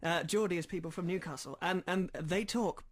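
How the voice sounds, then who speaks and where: A man's voice: high-pitched, a little fast. An upbeat man with a British accent hosting a radio interview and cheering his guest on. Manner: upbeat, encouraging. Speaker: radio presenter.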